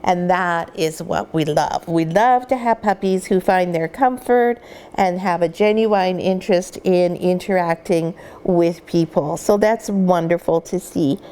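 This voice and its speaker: Gentle woman dog breeder teaching. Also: fairly low pitch, measured pace. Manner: gentle, cooing baby talk to the puppies. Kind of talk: instructional demonstration.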